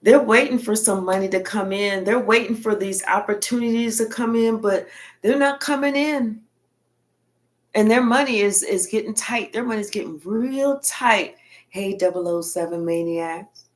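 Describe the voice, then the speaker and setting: A woman's voice: mid-range voice, normal speed. A woman giving a casual tarot reading in a blunt, colloquial manner with frequent cursing. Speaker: tarot reader.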